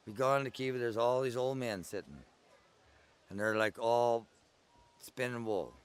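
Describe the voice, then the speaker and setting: A man's voice: mid-range voice, moderate pace, clean tone. An older man recalling his early days at the gathering in a rambling, conversational oral-history style. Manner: rambling, conversational storytelling with digressions.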